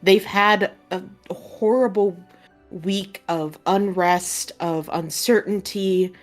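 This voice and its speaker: Slow-paced woman running a tabletop game. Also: medium pitch, steady tone, soft background music. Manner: unhurried, heavy with "like" and "uh" fillers. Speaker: game master.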